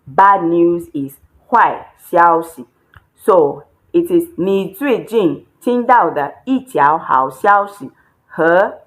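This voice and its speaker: A woman with a somewhat low voice gives a Chinese language lesson. She speaks very slowly and explains each word patiently, repeating key points step by step. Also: low-quality recording.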